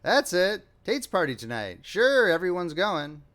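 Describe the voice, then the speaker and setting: A man's voice: sits high, sing-song, unhurried, a bit bright, heavily acted. A man voicing an eager young man who coaxes and bosses people around in an audiobook story. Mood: bossy. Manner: insistent, coaxing and bossy.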